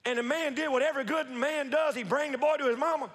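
A man preaching a sermon as pastor, building to shouts and repeating phrases, recorded in an echoey church hall. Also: very high voice, quick pace. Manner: preaching with rising shouts and repetition. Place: church sanctuary. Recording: echoey hall with long reverb.

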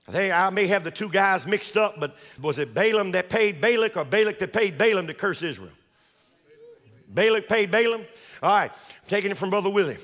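A man's voice: high voice, animated, brisk, fairly bright tone, long reverb tail. A man preaching a fervent sermon as pastor, repeating phrases and calling on the congregation to respond. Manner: fervent, repetitive, call-and-response.

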